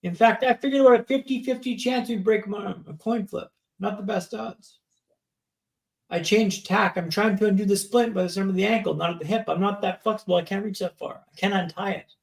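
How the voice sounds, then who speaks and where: High-voiced gravelly man telling a story. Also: steady tone, fairly quick. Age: 30s. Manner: vivid dramatic storyteller, checks in with "right?". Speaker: podcast guest. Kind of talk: storytelling interview. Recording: echoey room.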